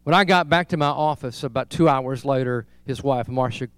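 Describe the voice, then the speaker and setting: A man's voice: medium pitch, moderate pace, smooth, no room sound. A man preaching a sermon as a pastor, telling stories and building to repeated rhetorical questions.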